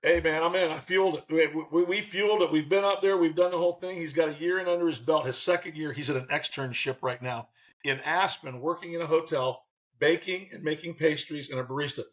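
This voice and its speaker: A man in his sixties, a former baseball manager, telling lively stories as an interview guest and acting out what people said. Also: fairly high pitch, brisk. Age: 60s. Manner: animated, acts out quotes in voices. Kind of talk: storytelling in a faith interview.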